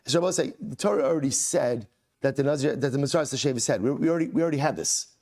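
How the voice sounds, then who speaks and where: A man teaching a Talmud class as a rabbi, emphatic, repeating rhetorical questions and slowly chanting Aramaic phrases. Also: medium pitch, lively intonation, darkish tone.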